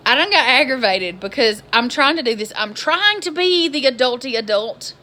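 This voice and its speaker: A woman, telling a story in an exasperated, animated vlog style. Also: sits high, moderate pace, few pauses. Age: 20s. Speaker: vlogger.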